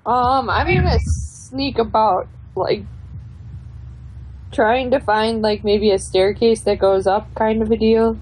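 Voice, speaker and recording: A woman's voice: a little high, slow, a little mellow, slight background noise, poor audio. A woman playing in a tabletop game, talking casually and joking with many fillers. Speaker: player. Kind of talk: tabletop game play over voice chat.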